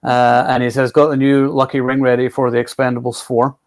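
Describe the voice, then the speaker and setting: A man in his forties, co-hosting a casual movie chat, speaking in a measured, hesitant way with plenty of fillers. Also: mid-range voice, little pitch movement, creaky. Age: 40s. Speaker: co-host of a movie podcast.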